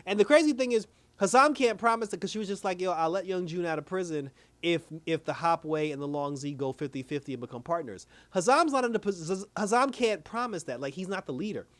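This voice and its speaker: A man's voice: sits high, expressive, brisk, hardly any pauses, a bit bright, dry recording. A man recapping a TV episode in loose, slangy casual chat, acting out the characters' lines and chuckling as he goes. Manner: loose slangy retelling, acts out quoted lines, chuckles often. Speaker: TV episode reviewer.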